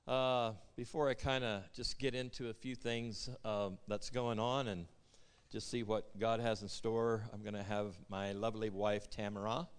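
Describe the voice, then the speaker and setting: A man who is a guest prophet, speaking in a casual sermon style, halting with many fillers and restarts. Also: on the low side, flat delivery, smooth, big-room sound. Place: church sanctuary.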